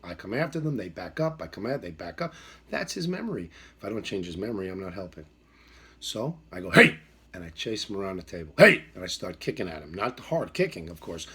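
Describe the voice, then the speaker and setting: Talking fast in a deep, sing-song voice, a middle-aged man who trains dogs delivers a storytelling monologue. He repeats himself emphatically and performs the different voices in the tale.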